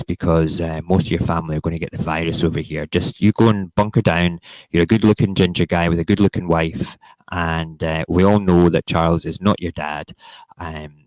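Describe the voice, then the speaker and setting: A middle-aged man with a Scottish accent and a very low, deep voice tears into the day's headlines in sarcasm and swearing. His sound is close and dry, with no room around it. He talks like a host of a relaxed morning stream who loves a good rant. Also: dry recording. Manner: sarcastic, swearing, mock-outraged rants. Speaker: livestream host. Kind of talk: morning chat show, ranting about newspaper front pages.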